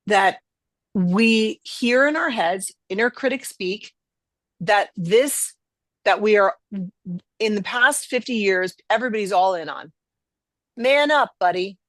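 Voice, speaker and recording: A woman's voice: mid-range voice, dry recording. A middle-aged woman hosting a podcast, talking emphatically in a conversational teaching style and acting out quoted voices. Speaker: podcast host.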